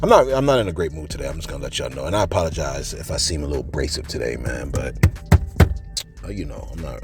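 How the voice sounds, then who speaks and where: A man's voice: very deep voice, sing-song, quick pace, over music. A man hosting a casual commentary show, reading out viewer comments and answering them in a slangy way, often adding "man" and "you know what I'm saying". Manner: slangy, playful asides.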